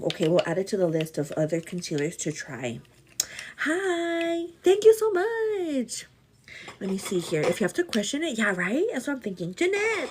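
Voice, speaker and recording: A woman's voice: mid-range voice, a little mellow, slight background noise. A woman in her thirties, chatty and casual, doing makeup on a livestream while answering viewer comments and calling them "girl". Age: 30s. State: pregnant with twins. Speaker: livestream host.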